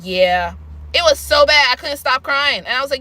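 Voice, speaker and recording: A woman's voice: sits high, lively intonation, normal speed, bright, forceful tone. A woman vlogger ranting candidly and rambling to camera, swearing freely. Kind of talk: unscripted rant to camera.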